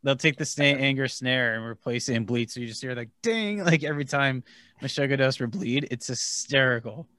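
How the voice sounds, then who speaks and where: A man's voice: mid-range voice, brisk, sharp tone, no echo. A man co-hosting a casual podcast, asking the questions in an easygoing way and laughing often. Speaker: podcast co-host.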